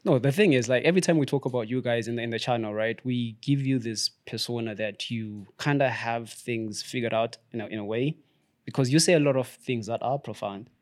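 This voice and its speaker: A man's voice: medium pitch, fairly quick. A man co-hosting a podcast, chatting casually and rambling with lots of slang. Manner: slangy, says bro a lot, rambling. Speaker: podcast co-host.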